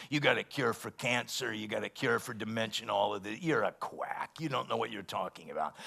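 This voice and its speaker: A male pastor preaching a sermon, rising loud and emphatic when he quotes scripture. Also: mid-range voice, creaky.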